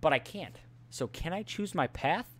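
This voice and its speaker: A man's voice: fairly high pitch, animated, normal speed, fairly bright tone, husky. A teenage boy venting in an angry rant about school, profane and exasperated, often stumbling over his words and restarting. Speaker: student venting on a vlog.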